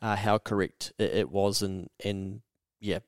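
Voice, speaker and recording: A man's voice: lowish voice, unhurried, clean tone, dry recording, studio quality. A man co-hosting a casual podcast chat, telling stories with lots of energy, swearing freely and acting out what people say. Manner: animated storyteller who swears freely and acts out quotes. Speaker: podcast co-host.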